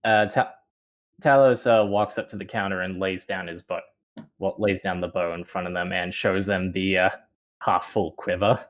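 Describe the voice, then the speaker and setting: A man playing a tabletop game, calmly describing what his character does. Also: low voice, moderate pace. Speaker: player.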